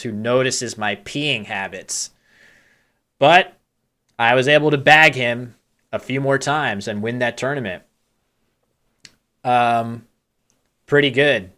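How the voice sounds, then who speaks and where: A man calls a live tournament like he's chatting with friends watching at home. His voice is bright and forward, with a middling pitch. He drifts into candid, joking side stories and pokes fun at himself. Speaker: tournament commentator. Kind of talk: live game commentary, casual chat.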